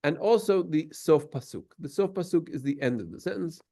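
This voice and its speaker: A man's voice: fairly high pitch, animated, fairly quick, warm tone. A man giving a patient, explanatory lesson at a synagogue, now and then singing short examples. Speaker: synagogue teacher. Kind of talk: explanatory lesson on Torah cantillation.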